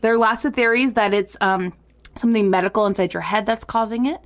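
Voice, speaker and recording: A woman's voice: mid-range voice, quick pace. A woman co-hosting a podcast in casual chat, giggling often as she talks. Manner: giggly, laughs often while talking. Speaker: podcast co-host.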